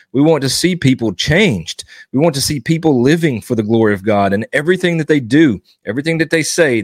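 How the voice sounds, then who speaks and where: A man's voice: medium pitch, dry recording, clean studio sound. A man giving earnest devotional teaching as a Baptist preacher, exhorting his listeners and driving points home with repetition.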